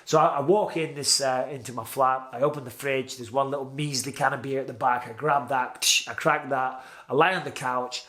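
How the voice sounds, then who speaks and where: A man's voice: medium pitch, steady tone, brisk, few pauses, sharp tone. A British man in his forties telling a vivid personal story in a casual way, acting out his own past lines. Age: 40s. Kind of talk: casual spoken anecdote.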